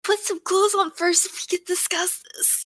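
Woman player, high voice, giggly, acts her character, dry close sound. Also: level tone, normal speed, a bit bright, no echo. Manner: giggly, plays her character in first person. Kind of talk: tabletop role-play.

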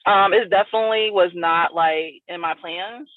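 A woman's voice: fairly low pitch, normal speed, no room sound. A woman from South Florida, a guest artist in a casual interview, talking in a loose, rambling way full of fillers. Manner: loose and rambling, many "like" and "you know" fillers. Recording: dry, tinny phone-like line.

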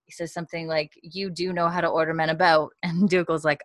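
A woman's voice: deep voice, fairly quick, no room sound. A woman in casual chat, recapping a show scene by scene and acting out the characters' lines as she tells them. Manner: lively storyteller, acts out quotes, laughs often. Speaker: podcast co-host recapping a show.

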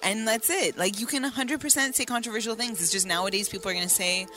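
A woman co-hosting a casual podcast, assertive and quick to laugh, mimicking others as she argues back. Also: on the high side, sharp tone, faint music behind. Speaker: podcast co-host. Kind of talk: casual argumentative chat.

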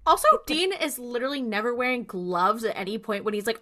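A woman's voice: a little high, fast, few pauses, bright, forceful tone. A woman co-hosting a podcast, adding casual, joking asides to the chat. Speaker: podcast co-host.

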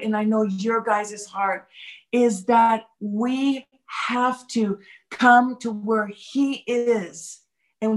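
A woman co-hosting a faith podcast, speaking passionately and repeating key phrases for emphasis. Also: on the high side. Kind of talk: casual faith podcast discussion.

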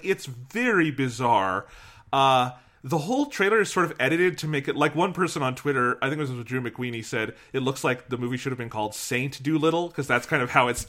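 A man's voice: medium pitch, bright, forceful tone. A man co-hosting a podcast, talking casually in a blunt, emphatic, profane way. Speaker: podcast co-host. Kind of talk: casual chat.

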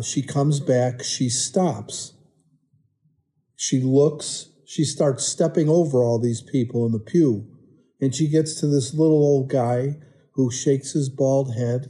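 A man, telling a personal story in a conversational way as a podcast guest. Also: mellow. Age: 60s. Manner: conversational, acts out quotes of family with rising pitch.

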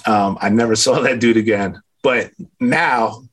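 Man, thirties, low husky voice, casual earnest testimony, filler-heavy storytelling. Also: unhurried. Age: 30s. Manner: earnest, casual, animated retelling with filler words. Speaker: storyteller sharing his faith testimony.

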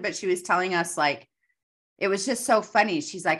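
A woman with a low voice co-hosts a casual coaching call. She tells stories with energy, laughing and acting out what others said. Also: normal speed. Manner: animated storyteller, laughing, acting out quotes. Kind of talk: casual chat on a live call.

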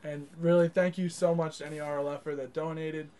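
A man's voice: on the high side, little pitch movement, brisk, dark tone, clear, resonant tone. A man hosting a casual group podcast, joking and rambling, often correcting himself mid-sentence. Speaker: podcast host. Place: room with several friends.

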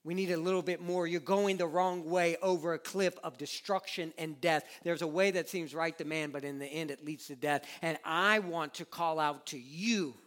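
A man in his thirties preaching a sermon with passion, moving between hushed earnest stretches and fervent, near-shouted appeals. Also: on the high side, moderate pace, hardly any pauses. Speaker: pastor.

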